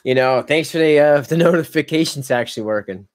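A man's voice: fairly high pitch, fairly quick. A man hosting a live stream, commenting with many fillers and restarts and wry asides. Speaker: commentary channel host.

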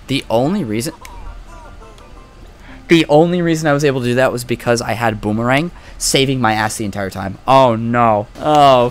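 A young man giving casual, profane let's-play commentary, excitable and trash-talking the game as he plays. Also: medium pitch. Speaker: gaming commentator.

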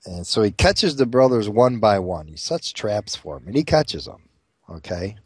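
A man telling crude jokes as an animated storyteller, doing many character voices. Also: lowish voice, normal speed, slightly rough, dry recording, clean studio sound. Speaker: joke teller.

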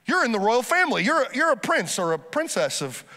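A pastor delivering a lively sermon, urging the congregation to repeat phrases after him. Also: male voice, extremely high pitch, fairly quick, long reverb tail.

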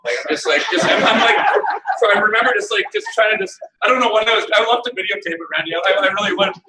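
A man giving a keynote talk, telling funny stories about himself with animated delivery and frequent laughter. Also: high voice, quick pace, crowd noise. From Canada. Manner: animated, self-mocking, laughs often. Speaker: keynote speaker. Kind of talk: humorous storytelling keynote. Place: conference hall. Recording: echoey hall, mic at a distance.

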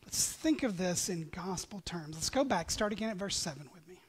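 A man preaching a sermon as pastor, reading scripture with passion and moving between loud emphatic lines and hushed near-whispers. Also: sits high, lively intonation, normal speed, breathy edge. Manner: reads scripture aloud with passion.

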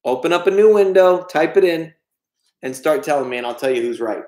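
A man's voice: a little high, expressive, fairly quick, a little mellow. A man hosting a livestream, joking and self-deprecating as he answers chat messages. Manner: jokey, self-deprecating, reads chat aloud. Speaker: livestream host. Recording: echoey room.

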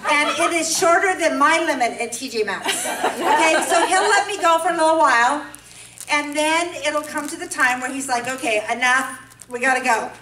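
Woman speaker from California, high bright voice, lively storytelling sermon, echoey hall, a bit off-mic. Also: normal speed, slight background noise. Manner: animated storytelling, playful then earnest. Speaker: women's breakfast speaker. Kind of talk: humorous sermon. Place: church event hall. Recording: echoey hall, mic at a distance, faint ambience.

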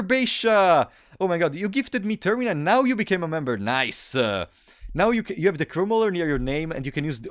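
Lively, excitable male game streamer. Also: mid-range voice, dry recording, clean studio sound. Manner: excitable, thanks donors loudly, restarts often. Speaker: streamer playing a game live. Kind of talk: casual live-stream commentary.

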